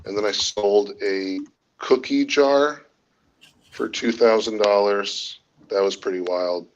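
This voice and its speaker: A man being interviewed as a guest reseller on a casual live stream, talking in a rambling, halting way and often correcting himself. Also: lowish voice, highs cut off.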